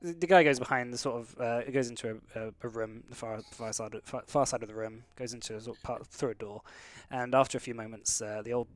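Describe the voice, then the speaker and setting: A man's voice: mid-range voice, quick pace, few pauses. A man narrating a tabletop game as game master, wandering through fillers and restarts. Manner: rambling, full of fillers and restarts.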